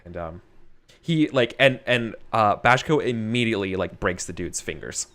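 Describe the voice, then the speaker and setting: A man's voice: fairly low pitch, moderate pace. A man running a tabletop game as game master, narrating with lots of fillers and laughter. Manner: animated, laughing often, many fillers.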